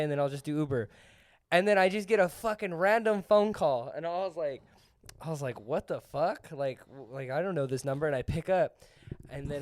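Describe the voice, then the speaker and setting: High-voiced man telling a rambling story. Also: smooth, no echo. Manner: rambling, profane, acts out dialogue with laughs. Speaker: podcast co-host. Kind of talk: casual storytelling.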